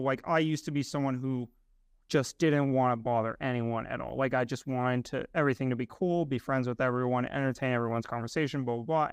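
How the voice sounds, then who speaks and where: A man's voice: medium pitch, clear, resonant tone, no room sound, studio quality. A young man from Massachusetts co-hosting a podcast, talking things through reflectively and often checking in with "right?". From Massachusetts, USA. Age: young adult. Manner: reflective, uses fillers like "right?" and "you know". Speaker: podcast co-host. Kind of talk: casual podcast discussion.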